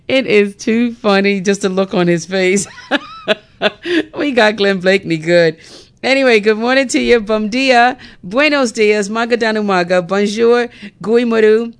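Bubbly woman radio host, smooth voice. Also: mid-range voice, measured pace. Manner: bubbly, laughs often at herself. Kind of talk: morning radio chat.

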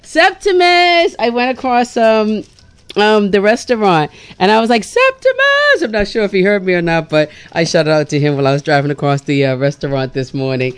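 A radio morning show host, chatting in a lively, casual way with many fillers and leading a devotional segment from a studio. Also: mid-range voice, a little fast, clean tone.

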